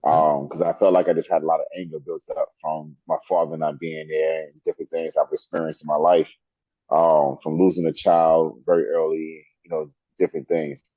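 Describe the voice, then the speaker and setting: A middle-aged man, a wrestler guest in an interview, telling animated stories and laughing often. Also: extremely low pitch, moderate pace, husky, no room sound. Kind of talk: storytelling interview. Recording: dull lo-fi sound.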